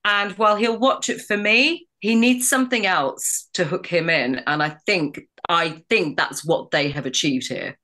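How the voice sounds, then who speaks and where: A woman's voice: on the low side, unhurried, few pauses, sharp tone. A middle-aged woman stage actress chatting as a podcast guest, enthusiastic and full of asides and restarts. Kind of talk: casual podcast chat.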